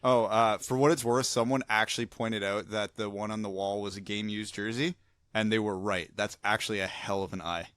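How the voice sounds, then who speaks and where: A man's voice: on the low side, steady tone, brisk, a bit bright, no echo, studio quality. A man co-hosting a casual podcast, answering in a laid-back way. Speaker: podcast co-host.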